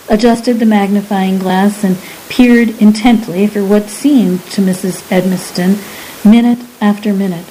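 A woman reading a story aloud at a measured, unhurried pace, as an audiobook narrator. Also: medium pitch, dark tone, a little hiss or hum, low-quality recording.

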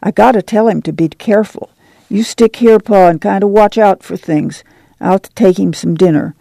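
A man voicing a middle-aged rural mother with a drawl, speaking in a steady, stern, often hushed way. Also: high voice, normal speed, creaky, no echo, pitched above the performer's own voice.

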